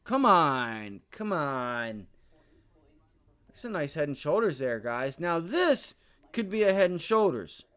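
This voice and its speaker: A man hosting a live day-trading stream, talking casually to viewers while reading charts, muttering, cursing at his software and tossing in "right?" and "my friend" all the time. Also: high voice, sing-song, moderate pace. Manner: repeats filler words like right and my friend. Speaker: livestream day trading host.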